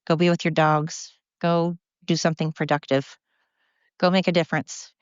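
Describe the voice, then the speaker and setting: A woman's voice: low-pitched, little pitch movement, normal speed, no echo, lo-fi sound. Indignant ranting woman podcaster, twang. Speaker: podcast host. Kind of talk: opinionated monologue.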